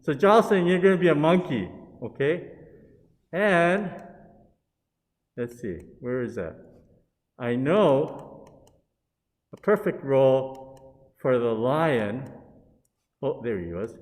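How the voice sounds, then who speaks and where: A man's voice: mid-range voice, big pitch swings, a little mellow, big-room sound. A man leading a Buddhist service, telling a story and handing out parts to participants on a video call. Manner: unhurried, coaxing storyteller who hands out parts.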